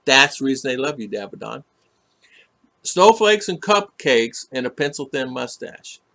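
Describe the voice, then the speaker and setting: A man's voice: medium pitch, very animated, measured pace, vocal fry, bright, forceful tone. Rambling man reading live chat. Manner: rambling, many fillers and restarts. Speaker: livestream host reading chat. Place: home in the Philippines.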